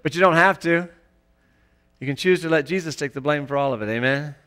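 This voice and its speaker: A male pastor preaching a sermon in church, emphatic, rising to loud peaks. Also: a little high, a little fast.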